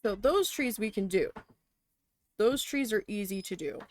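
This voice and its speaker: A woman's mid-range voice, lively in intonation and measured in pace, carries a casual needle-felting chat. As a crafting vlogger, she tells blunt, heavily profane stories, with slight background noise in the recording.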